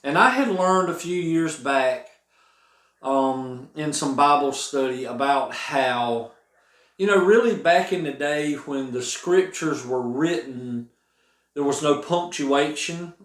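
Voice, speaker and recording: A man's voice: on the high side, takes it slowly, a bit bright. A man earnestly talking about his song at home, rambling a little with many restarts. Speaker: singer-songwriter explaining his song. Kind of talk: casual spoken reflection. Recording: roomy echo.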